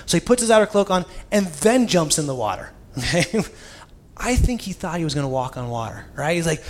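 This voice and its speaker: A man's voice: high voice, lively intonation, a little fast. A young male pastor preaching a sermon in a casual, conversational storytelling style with informal asides.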